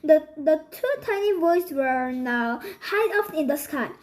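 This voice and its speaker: A woman reading a children's book aloud, halting and restarting often. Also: high voice, animated, low-quality recording. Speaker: storybook reader.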